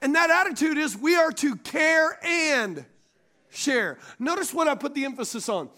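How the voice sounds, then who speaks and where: A man's voice: very high-pitched, moderate pace. A man preaching a sermon as pastor, calling out questions to the congregation and laughing at his own stories. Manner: animated preaching with call-and-response questions to the congregation.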